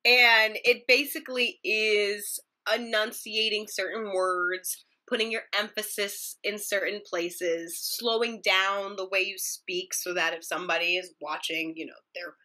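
A woman's voice: mid-range voice, steady tone, a little slow, few pauses, sharp tone. A young adult woman, a news reporter, chatting casually as an interview guest and laughing often. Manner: laughs often, demonstrates anchor delivery.

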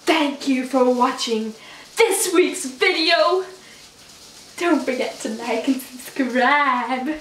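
A woman's voice: high-pitched, slow, fairly bright tone, far from the mic, a little hiss or hum. A young woman vlogger chatting casually and telling stories with a lot of giggles and "like"s. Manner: giggly, storytelling, lots of "like". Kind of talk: casual chat. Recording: echoey room, off-mic.

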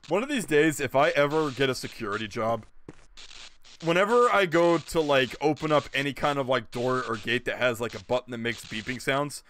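A man's voice: medium pitch, moderate pace, a bit bright, a little hiss or hum. A young man streaming a video game, rambling and joking with casual commentary, swearing and laughing often.

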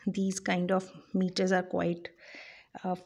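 Slow, deliberate woman lecturing. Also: on the low side, completely flat delivery, creaky, darkish tone, breathy edge. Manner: slow, deliberate, with many fillers and restarts. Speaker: English literature lecturer. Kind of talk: classroom lecture on poetry.

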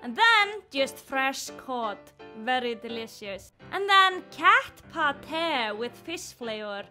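A young woman with an Icelandic accent, vlogging indoors and chatting excitedly, giggling and baby-talking to her pets. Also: high voice, slow, faint music behind. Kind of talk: casual vlog narration. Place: indoors at her mother's house.

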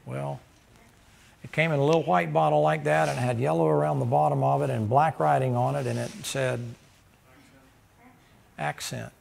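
Folksy preacher with gravelly voice. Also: male voice, fairly high pitch, fairly even intonation, normal speed, pauses often. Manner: folksy, joking, rising to loud laughing bursts. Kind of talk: sermon.

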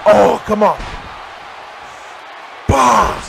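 A man's voice: high-pitched, lively intonation, very slow, creaky. Guy screaming and cussing at a wrestling game, voice swings all over, lots of game noise. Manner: loud, profane, trash-talking, frequent shouts. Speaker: gaming channel host. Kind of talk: live reactive gameplay commentary. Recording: crowd and game noise behind.

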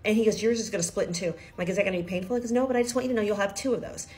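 Emotional, confiding woman vlogger from Kentucky, middle-aged, mid-pitched, faint music bed. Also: rapid-fire, a little mellow. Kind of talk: personal video diary.

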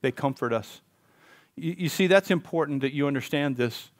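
Middle-aged pastor guy preaching, higher voice, goes quiet then booming. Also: normal speed. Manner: impassioned, swings from hushed to loud. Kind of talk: sermon. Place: church sanctuary.

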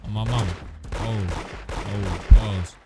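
A young man rattles off slang-filled gameplay commentary at a mid-range pitch, animated and trash-talking. Game gunfire and clicks keep popping clearly behind his voice. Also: normal speed, heavy background noise. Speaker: gaming video creator. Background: game gunshots and clicks.

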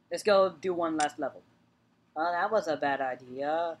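A woman's voice: low voice, normal speed. A woman hosting a let's play video, talking chattily over her gameplay, repeating words and joking with the characters on screen. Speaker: gaming channel host.

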